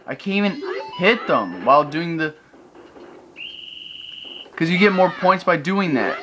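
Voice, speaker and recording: A man's voice: on the high side, big pitch swings, unhurried, pauses often, dull audio. A man giving gameplay commentary, ranting in frustration and swearing often. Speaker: let's play host. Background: video game music.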